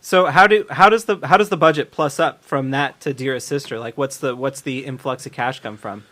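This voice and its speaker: A woman's voice: extremely low pitch, a little fast, a bit bright. A woman hosting a podcast interview, reacting with enthusiasm and casual swearing. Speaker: podcast host.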